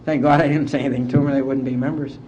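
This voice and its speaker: A middle-aged man from West Virginia shares his recovery story at an AA conference, his voice soft and mellow. He moves through the memories unhurried and heartfelt. The old conference tape sounds dull and muffled, with a faint hiss behind him. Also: mid-range voice, flat delivery. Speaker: AA speaker.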